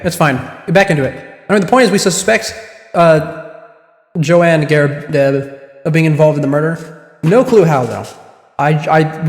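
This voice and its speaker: A chatty male streamer rambling casually over a courtroom game, quick to poke fun at himself. His voice sits a little high and rings in a roomy space with a long, echoing reverb. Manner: rambling, chatty, self-deprecating. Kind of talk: casual livestream gameplay commentary. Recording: echoey room with long reverb.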